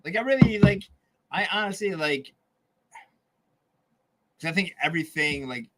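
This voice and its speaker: A man's voice: a little high, expressive, moderate pace, a bit bright. A man in his forties co-hosting a casual podcast, joking, swearing a lot and filling his talk with "like". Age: 40s. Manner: joking, heavy swearing and filler "like". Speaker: podcast co-host. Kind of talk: casual chat.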